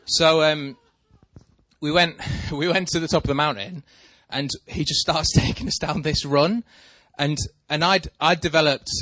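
A man's voice: fairly high pitch, measured pace, dry recording. A man telling a rambling, self-deprecating story in casual chat with a co-host. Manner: rambling, self-deprecating, animated when excited.

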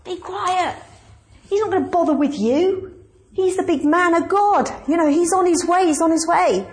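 A woman voicing a dismissive crowd telling a blind beggar to be quiet, in a sermon retelling. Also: very high-pitched, normal speed, pitched above the performer's own voice. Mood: shushing. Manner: hushing, dismissive. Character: scolding roadside crowd, mixed adults.

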